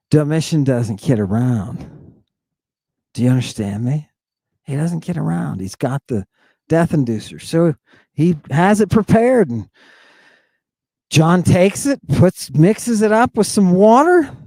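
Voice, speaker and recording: A man hosting a fired-up monologue, reading ancient Greek text aloud in a combative, theatrical way, swinging between loud outbursts and hushed asides. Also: a little high, dry recording. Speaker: show host.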